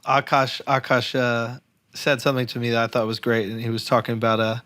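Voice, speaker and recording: A man's voice: mid-range voice, completely flat delivery, brisk, a bit bright. A man hosting a podcast, chatting in a supportive, conversational way. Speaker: podcast host.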